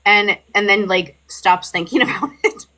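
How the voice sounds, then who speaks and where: A woman co-hosting a casual podcast, her voice sharp and bright. She tells a story in loose, run-on sentences packed with "like," getting worked up as she goes. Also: medium pitch, moderate pace, rough recording. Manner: heavy "like" fillers, animated and heated storytelling. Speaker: podcast co-host. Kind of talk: casual chat.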